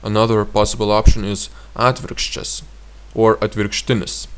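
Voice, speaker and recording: A man with a Lithuanian accent teaching grammar in a slow, halting way with frequent fillers. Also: fairly low pitch, level tone, smooth. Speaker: language teacher.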